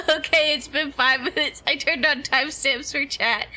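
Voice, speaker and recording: A woman's voice: high-pitched, bright, forceful tone. A young woman chatting casually and playfully with her chat while playing a game on stream, laughing often. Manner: giggly and playful.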